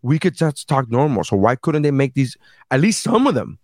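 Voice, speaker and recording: A man's voice: medium pitch, sing-song, normal speed, a little mellow, no room sound, studio quality. Profane, rambling podcast co-host man. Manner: loose, profane storytelling with frequent fillers. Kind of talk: casual podcast chat.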